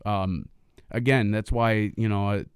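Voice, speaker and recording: A man's voice: lowish voice, fairly even intonation, unhurried, smooth, dry recording, studio quality. A man co-hosting a casual podcast, rambling with lots of ums and uhs. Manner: rambling, filler-heavy, laughs easily. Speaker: podcast co-host.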